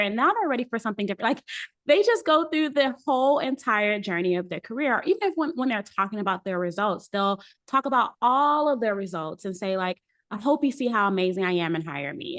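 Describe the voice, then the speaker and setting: An earnest woman career coach explains her advice in an easygoing podcast conversation. Her voice sits at an ordinary middle pitch, and she leans on key points with steady emphasis. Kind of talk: casual podcast interview.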